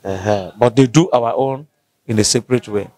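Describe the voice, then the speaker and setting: A man with a Nigerian accent answering interview questions, halting and restarting as he searches for words. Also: medium pitch, a little mellow, no room sound. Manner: halting, restarts often, slow to find words. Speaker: interviewee from the local community.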